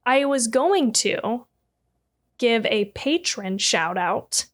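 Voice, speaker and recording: A woman's voice: on the high side, expressive, slow pace, a bit bright. A woman co-hosting a casual horror-movie podcast, giggly and rambling, with many fillers. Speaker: podcast co-host. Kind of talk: casual chat.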